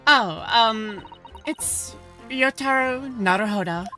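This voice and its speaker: A woman's voice: fairly high pitch, takes it slowly, sharp tone, soft background music. A woman voicing a timid young male lawyer from a game, answering hesitantly. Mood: shy. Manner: hesitant, with fillers.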